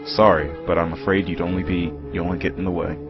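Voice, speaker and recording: A man voicing a stern grown male guardian in a game playthrough, speaking in a grave, measured way. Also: deep voice, steady tone. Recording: muffled capture with game music.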